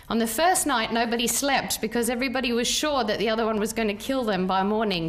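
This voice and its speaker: An Australian woman in her forties giving a public talk as a peace worker, telling her story in a measured, earnest way with thoughtful pauses. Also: medium pitch.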